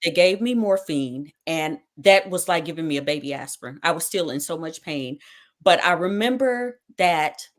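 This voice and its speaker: A woman hosting a talk show recounts her own ordeal as a personal testimony, with a somewhat low voice. She tells it dramatically and acts out the lines people said to her. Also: expressive, moderate pace. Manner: dramatic retelling with quoted dialogue.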